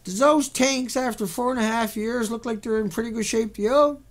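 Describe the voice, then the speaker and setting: A man's voice: very high-pitched, moderate pace. A man giving sarcastic, ranting commentary on a series of pictures, mocking and repetitive in his delivery. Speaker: video commentator.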